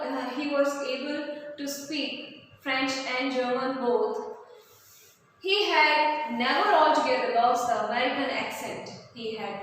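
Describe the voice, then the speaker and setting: A woman teaching a textbook chapter, explaining it slowly and stopping often to gloss words, with fillers. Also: high-pitched, fairly bright tone. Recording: echoey room from far off, faint noise.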